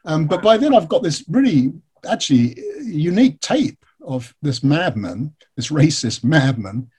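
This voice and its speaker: A man from England, an author being interviewed, who tells stories in a lively way with many fillers and restarts. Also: on the high side, unhurried, slightly rough. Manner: animated storytelling, frequent fillers and restarts. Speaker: author and biographer, interview guest. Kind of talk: conversational interview.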